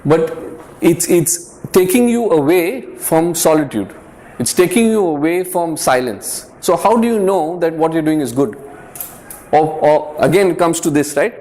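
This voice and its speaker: A man with a somewhat high, slightly mellow voice gives an informal faith talk to a youth group, speaking animatedly at a measured pace. He's earnest, conversational, and lightly humorous, often repeating words and checking in with the room.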